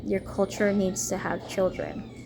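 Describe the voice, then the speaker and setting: Speaking earnestly to the camera, a young adult woman vlogger gives a rambling personal testimony and religious appeal. Her medium-pitched voice swoops wildly, runs a little slow, and sounds creaky, with a faint hiss in the background.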